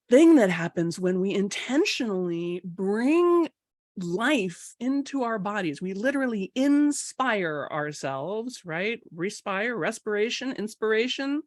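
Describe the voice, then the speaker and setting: A woman coach runs a live online workshop, chatting casually and slowing down when she guides breathing. A cold makes her mid-range voice a little rough, and the recording is dry.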